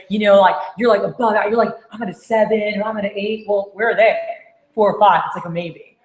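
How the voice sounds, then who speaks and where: An energetic woman leads a sales training talk for managers. She drops into quick quoted voices to act out phone calls. Her voice sits in a middle pitch, and the room gives it a noticeable echo.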